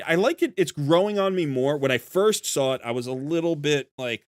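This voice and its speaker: A man's voice: on the high side, expressive, moderate pace, hardly any pauses, no room sound, studio quality. A man streaming live, chatting casually with his viewers in a rambling way, with many restarts and fillers. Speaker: streamer talking to chat.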